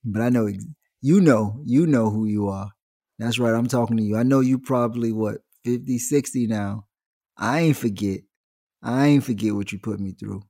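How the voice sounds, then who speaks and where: Male comic, gravelly, animated slangy monologue. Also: fairly low pitch, normal speed. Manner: animated slangy storytelling, jumps into voices. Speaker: comedian. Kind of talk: stand-up style comic monologue.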